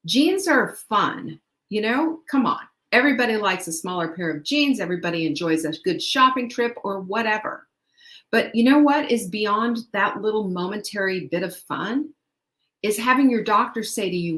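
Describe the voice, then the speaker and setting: A woman's voice: medium pitch, expressive, normal speed, a bit bright. A middle-aged woman hosting a motivational talk, chatty and upbeat, who laughs often and asks the listener questions. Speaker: host. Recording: echoey room.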